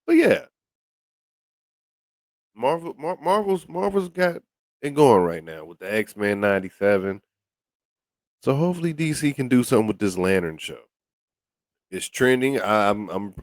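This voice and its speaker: Recorded in studio quality without any echo, this podcast host is a man doing casual commentary. Lively pitch swings mark his delivery, along with stammering restarts and words said more than once.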